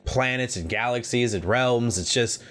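A man's voice: medium pitch, normal speed, a bit bright, faint music behind. A man co-hosting a pop-culture podcast, reading recaps and then giving his own review in a casual way. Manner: reads recaps from script, then chats with fillers. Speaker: podcast co-host.

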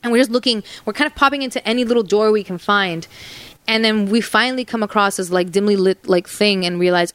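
A woman's voice: medium pitch, fast, a bit bright, clear, resonant tone, dry recording. A woman host casually telling a story on a podcast, laughing often and swearing freely.

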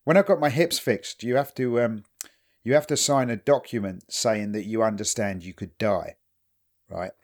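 A man's voice: lowish voice, moderate pace. A man co-hosting a podcast, chatting casually and retelling what he watched, with plenty of swearing. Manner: sweary, conversational, retells scenes. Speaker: podcast co-host. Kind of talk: casual chat.

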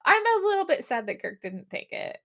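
A woman's voice: extremely high pitch, big pitch swings, fairly bright tone. A woman co-hosting a podcast in casual chat, laughing often and swearing freely as she recaps an episode. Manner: laughs often, swears freely, acts out characters in quick asides. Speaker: podcast co-host.

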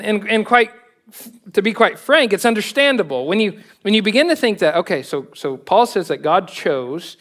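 A man with a Texan accent preaching a sermon as pastor, conversational and joking, laughing often and pressing points with animated questions. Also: high voice.

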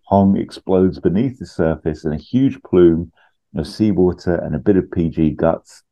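Deep-voiced man pitching a story. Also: normal speed, dull audio. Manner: chatty, laughs often, trails off with ums. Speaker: podcast co-host pitching a film.

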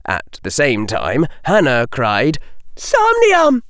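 Sex: man. Role: audiobook narrator. Style: expressive, lively storytelling. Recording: dry studio sound. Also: mid-range voice, a little slow, no echo.

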